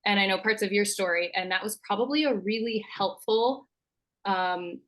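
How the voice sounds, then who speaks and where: Calm woman guest on a podcast, explains things steadily, mid pitch. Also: normal speed. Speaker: naturopathic doctor guest. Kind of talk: interview answers.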